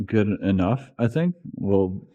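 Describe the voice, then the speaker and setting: A man's voice: fairly low pitch, animated, slow pace, mellow, lo-fi sound. A young man vlogging a winter camping trip in a cold farm building, joking and rambling with lots of fillers into a handheld camera. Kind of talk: casual camping vlog.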